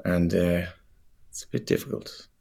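Low-voiced Irish man telling stories. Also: normal speed, gravelly. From Ireland. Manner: animated storyteller, laughs easily, many fillers. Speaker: actor guest. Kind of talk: casual interview chat.

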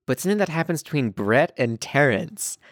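A man's voice: mid-range voice, very animated, fairly quick, dry recording. A man co-hosting a casual recap podcast, giving wry, dry commentary. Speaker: podcast co-host.

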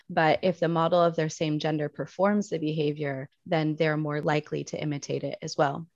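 A woman's voice: sits low, darkish tone, no room sound. A woman teacher explaining a psychology topic in a casual, explanatory way with playful asides. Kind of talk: recorded psychology lesson. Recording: dull dry recording.

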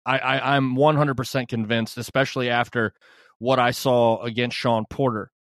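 A man in casual podcast chat, reasoning through his take in an easy, relaxed way with plenty of fillers. His voice is mid-pitched for a man. The sound is close and dry. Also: normal speed, no room sound. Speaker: podcast co-host.

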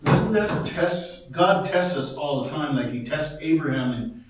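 A man in a church study class asking a question in a halting way, searching for words. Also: a little high, expressive, slight background noise. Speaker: class participant. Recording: echoey room, speaking far from the mic.

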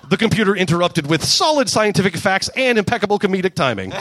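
A man doing a deadpan comic reading of a crude story at a live show. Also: high-pitched, fast, hardly any pauses. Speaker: comedian reading fan fiction. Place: live comedy venue.

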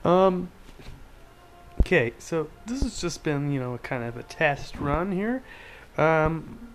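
A man's voice: on the high side, sing-song, slow, soft background music, poor audio. A man hosting a casual podcast, ranting sarcastically about news headlines with a rambling, filler-heavy delivery. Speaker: podcast host.

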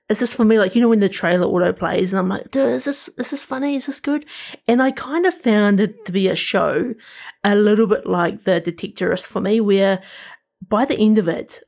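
A man's voice: sits high, darkish tone. A man co-hosting a casual podcast, rambling about TV shows he watched with lots of restarts and fillers. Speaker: podcast co-host. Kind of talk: casual chat reviewing TV shows.

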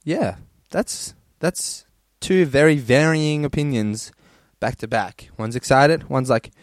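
A man's voice: mid-range voice, takes it slowly, hardly any pauses, no room sound, studio quality. A man hosting a podcast, casually reading listener stories in a crude, rambling way and laughing often. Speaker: podcast host.

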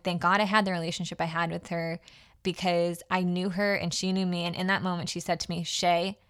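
A woman's voice: fairly low pitch, fairly bright tone. A young adult woman hosting her own podcast, telling a personal story in a casual, heartfelt way with many fillers and restarts. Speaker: podcast host.

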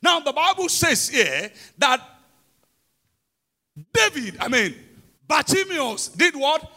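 Taking it slowly, a Nigerian-accented pastor preaches to a church service in a very high, very animated voice. His sermon is emphatic, full of questions for the congregation, and swings from shouting to quiet.

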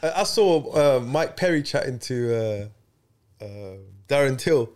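Lively man podcasting. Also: mid-range voice, unhurried, clean tone. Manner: animated, slangy, rising loud when excited. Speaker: podcast host. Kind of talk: casual chat.

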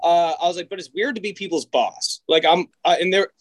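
A young man tells loose, rambling stories as a podcast guest, acting out everyone's lines as he goes. His voice sits fairly high, and the recording is dry and close. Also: a little fast, dry recording, low-quality recording. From Massachusetts. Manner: rambling storyteller, acts out quotes. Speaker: comedian guest. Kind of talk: casual podcast chat.

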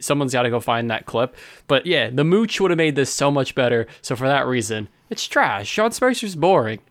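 A man co-hosting a podcast, bantering in a casual, teasing and animated way. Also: a little high, no echo. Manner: animated, teasing, quick to joke. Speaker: podcast co-host.

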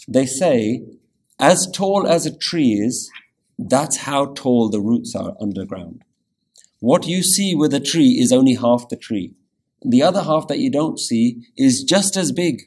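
A man teaches a scripture lesson at an unhurried, measured pace. His voice sits at an ordinary middle pitch. He lays out each point and each pronunciation carefully and often pauses to ask "yeah?". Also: darkish tone, husky. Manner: slow and deliberate, checks in with "yeah?"; pronounces Punjabi scripture carefully.

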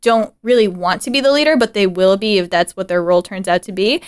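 A young woman co-hosting a podcast in casual chat, excitable, laughing often and swearing freely. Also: mid-range voice, fast, clear, resonant tone. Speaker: podcast co-host.

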